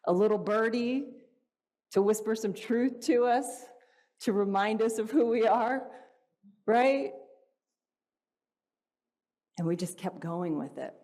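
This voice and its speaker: A woman's voice: fairly high pitch, slow pace, pauses often. A woman giving an inspirational talk at a church gathering, telling a personal story in a conversational way and often asking the audience questions. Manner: animated and playful, acts out a dialogue with her child. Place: stage in a church hall before an audience.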